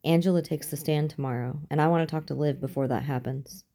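Audiobook: stubborn middle-aged cop on the warpath, blunt and clipped, read by a woman, low and warm. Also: fairly even intonation, fast talker. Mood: grumbling. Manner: blunt, impatient, determined. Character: stubborn angry middle-aged male detective.

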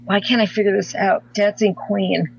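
A woman's voice: mid-range voice, steady tone, normal speed, gravelly, muffled recording, a little hiss or hum. A woman chatting casually as a podcast guest, swearing a lot, getting flustered and laughing. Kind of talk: casual chat.

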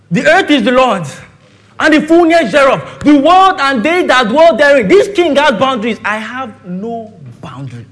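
A man with a Nigerian English accent preaching a sermon, swinging from loud declarations to hushed asides and asking the congregation rhetorical questions. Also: very high voice.

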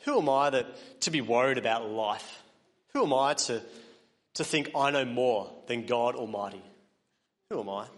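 A man preaching a sermon, earnest, building to emphatic peaks and then dropping quiet. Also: medium pitch, expressive, moderate pace, long reverb tail. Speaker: pastor.

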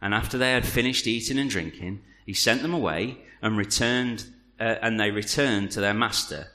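A man's voice: fairly low pitch, normal speed, bright, forceful tone, big-room sound. A man preaching a sermon and reading scripture aloud, with jokey asides to the congregation. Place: church hall.

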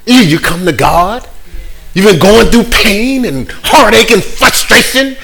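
A man's voice: high-pitched, expressive, a little slow, vocal fry, sharp tone, rough recording. A man preaching a casual, playful sermon, acting out other people's voices.

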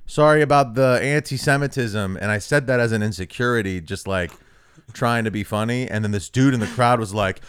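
A man's voice: lowish voice, a little fast, fairly bright tone, clean tone, no echo, studio quality. A man, a comedian, chatting casually on a podcast and telling wry stories about his sets. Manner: wry, storytelling, slips into freestyle rap.

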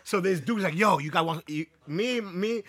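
A man telling a story in casual podcast chat, animated and profane, dropping into Spanish phrases. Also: sits high, normal speed, breathy edge, no room sound. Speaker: podcast co-host.

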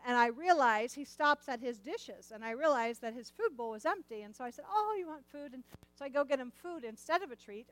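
A middle-aged woman telling a personal story in a sermon, animated and repeating words as she acts out lines. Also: a little high, dry recording, rough recording.

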